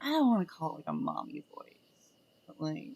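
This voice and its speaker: A woman's voice: on the low side, huge pitch swings, fairly quick, a little mellow. A woman streamer chatting casually and playfully with her viewers while she draws, often laughing. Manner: playful and giggly, greets chat members. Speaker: streamer drawing art live. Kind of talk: casual livestream chat with viewers.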